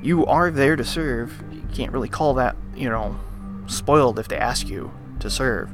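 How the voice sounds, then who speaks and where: A man hosting a let's play, reading a visual novel's narration aloud and breaking off into animated, joking rants. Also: mid-range voice, unhurried, over music. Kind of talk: reading game text aloud with commentary.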